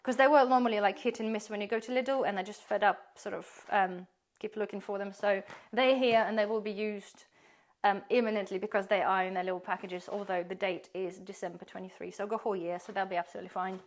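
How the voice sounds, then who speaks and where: A woman's voice: medium pitch, fairly even intonation, quick pace. A woman, giving a chatty, rambling tour of her pantry and laughing often. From UK-based. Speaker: prepping vlogger.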